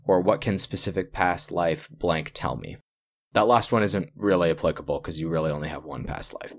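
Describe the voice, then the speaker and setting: A man running a tabletop horror game as game master, narrating scenes in a measured, descriptive way. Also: sits low.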